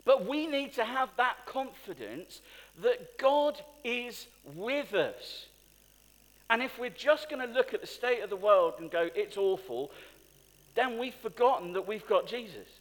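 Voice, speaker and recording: Heard through long hall reverb, a man with a very high-pitched voice preaches a little slowly. He's animated throughout, asking the congregation questions and peaking on emphatic points.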